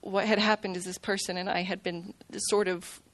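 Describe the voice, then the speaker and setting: A woman sharing personal reflections softly and thoughtfully. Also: medium pitch, flat delivery, normal speed, dry recording.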